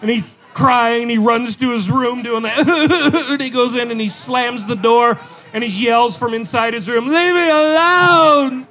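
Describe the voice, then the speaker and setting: A middle-aged man telling family stories in a stand-up comedy set at a local brewery, animated and self-deprecating. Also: very high voice, moderate pace, rough recording. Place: live show at a local brewery.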